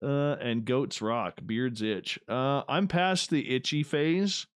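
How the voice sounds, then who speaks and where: An online radio host rambles loosely, reading live viewer comments and talking to himself as he works. His mid-range voice is slow and smooth, in clean studio sound with no echo.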